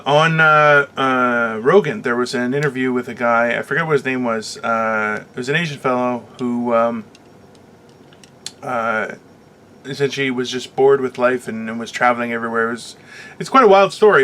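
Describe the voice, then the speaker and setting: A man's voice: mid-range voice, pushed and bright, a little hiss or hum. A man hosting a comedy podcast in a casual rant, rambling through stories with lots of fillers and restarts, and teasing his co-host playfully. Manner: rambling, filler-heavy storytelling.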